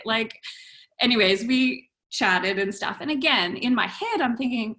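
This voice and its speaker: A woman's voice: fairly high pitch, moderate pace, pushed and bright. A woman guest on a podcast telling a story casually and animatedly, with lots of fillers and laughter.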